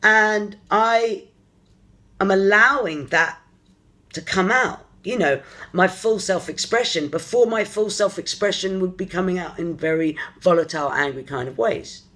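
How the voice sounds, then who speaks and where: Spiritual coach type rambling openly to camera, stops and restarts a lot, mid pitch. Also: bright, forceful tone. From London, England. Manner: earnest, searching, thinks aloud in halting phrases. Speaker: energy therapist and spiritual coach. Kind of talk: personal confessional vlog.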